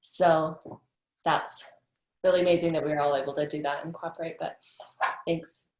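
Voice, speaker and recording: A woman yoga graduate giving quick, offhand farewell remarks over a video call. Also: deep voice, steady tone, a little mellow. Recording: roomy echo on a video call.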